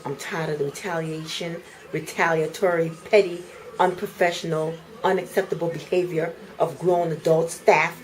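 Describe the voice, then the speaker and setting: A woman's voice: on the low side, a little mellow, poor audio. A woman angrily venting on camera in her apartment, repeating herself with heated indignation. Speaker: vlogger. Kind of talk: angry home vlog rant. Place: apartment indoors.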